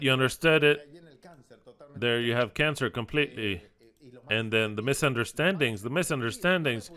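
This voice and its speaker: A man with a Spanish accent preaching an animated, emphatic sermon, full of repetitions and restarts. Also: fairly high pitch.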